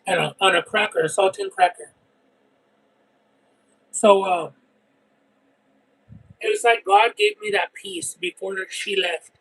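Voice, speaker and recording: A man's voice: sits high, slow pace, vocal fry, pauses often, low-quality recording. A man hosting a casual livestream who tells stories expressively and at length, piling on details. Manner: expressive, detailed rambling storyteller. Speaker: livestream host eating and reading chat. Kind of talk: casual chat and storytelling.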